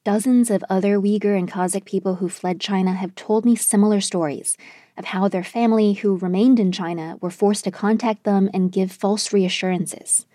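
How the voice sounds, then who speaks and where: A woman news correspondent reading a scripted report in a measured, even way. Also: mid-range voice, dry recording, studio quality.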